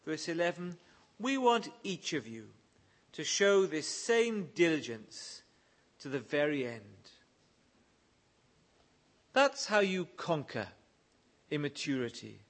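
A man's voice: on the high side, lively intonation, slow, long pauses, a bit bright. A man preaching a sermon, reading scripture verses aloud and pressing his listeners with earnest questions. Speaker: pastor.

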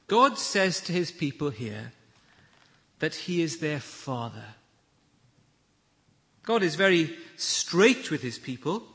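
A man delivers a sermon in a church, his bright voice ringing in a long hall reverb. He speaks slowly and emphatically, pausing on key lines. His pitch sits a little high and moves in wide, expressive swings. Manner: measured, emphatic preaching with slow deliberate pauses. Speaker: preacher.

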